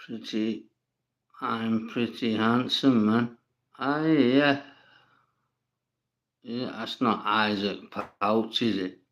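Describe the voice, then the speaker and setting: A man's voice: on the low side, extremely slow, pauses often, muffled recording. A man hosting a casual livestream, reading viewers' comments and answering them bluntly, with plenty of swearing and rambling. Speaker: livestream host.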